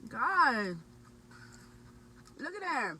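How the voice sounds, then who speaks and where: Vlogger: expressive woman, slow easy pace, recorded on a phone in a parked car. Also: high voice, distant mic, a little hiss or hum, rough recording. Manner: excited, chatty, expressive. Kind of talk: casual food review vlog.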